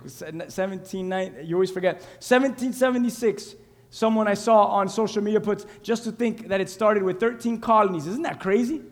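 High-voiced preaching pastor, man. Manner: preaching with rising shouts and calls for amen. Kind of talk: sermon. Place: church sanctuary. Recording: hall reverb.

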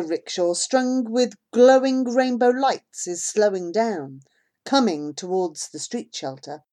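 A woman narrating an audiobook in an expressive, unhurried storytelling manner. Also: mid-range voice. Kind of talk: audiobook reading.

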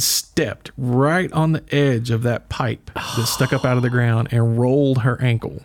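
A man's voice: medium pitch, unhurried, slight background noise. A man hosting a podcast, telling a story in casual chat and chuckling as he talks. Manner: animated storyteller, chuckles while talking. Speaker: podcast host.

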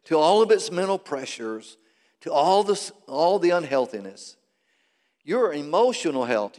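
A man preaching a sermon as pastor, swinging between loud peaks and quiet asides. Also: fairly high pitch. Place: large church hall. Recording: long reverb of a big sanctuary.

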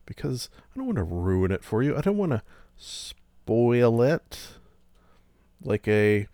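A man's voice: mid-range voice, sing-song, slow pace, dark tone, no echo, clean studio sound. Rambling, self-mocking male podcast host. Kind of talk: casual solo podcast monologue.

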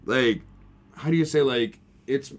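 A man's voice: mid-range voice, unhurried. A man co-hosting a casual podcast, reading news stories aloud with frequent laughter and restarts. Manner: joking, laughs often, many restarts. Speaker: podcast co-host.

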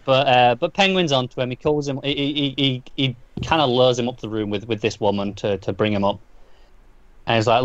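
A man of middle pitch talks through a story in a loose, rambling way, restarting and repeating words as he goes. The sound is dull and slightly lo-fi, with a dry, close feel. It is casual podcast chat. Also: steady tone, brisk, no room sound. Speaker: comic book podcast co-host.

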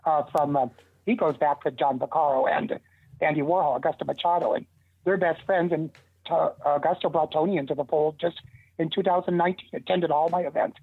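A man's voice: a little high, brisk, breathy edge, no echo. An older man telling long, rambling stories as an interview guest, with restarts along the way. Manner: rambling, animated anecdotes with restarts. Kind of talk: casual storytelling. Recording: tinny dry phone line.

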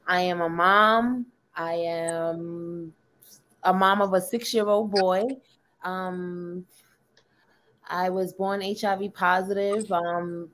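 A woman in her early thirties introducing herself on a panel, relaxed and earnest, with many fillers. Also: lowish voice, a little hiss or hum. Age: 30s. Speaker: panel guest. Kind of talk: casual personal introduction.

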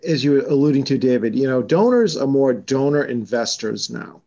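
A man with a Boston accent, a college fundraising executive, laying out his points in a measured conversational way. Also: mid-range voice, expressive, dark tone, dull audio. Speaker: college fundraising vice president. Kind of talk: podcast conversation.

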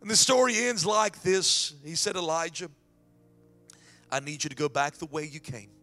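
A man preaching a sermon as pastor, dropping to whispers and rising to shouts. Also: on the high side, lively intonation, moderate pace, faint music behind. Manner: dramatic swings from hushed whispers to shouting.

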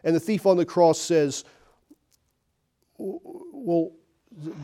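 A man's voice: a little high, slow. Earnest preacher man delivering a sermon. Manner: earnest, swings from loud to hushed.

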